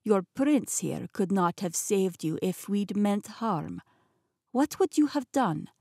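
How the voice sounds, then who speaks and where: Woman voicing Rasputin, thick Russian accent. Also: mid-range voice, animated, a little mellow, no echo, clean studio sound, exaggerated voice. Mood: persuasive. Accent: Russian (put on). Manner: smooth, coaxing, unhurried. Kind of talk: audiobook character voice.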